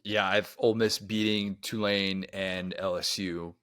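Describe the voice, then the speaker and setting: A man's voice: low voice, little pitch movement, measured pace, fairly bright tone, smooth, no room sound. Man talking sports on a dry mic. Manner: rambling, talks himself into tangents. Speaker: co-host. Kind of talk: casual sports podcast chat.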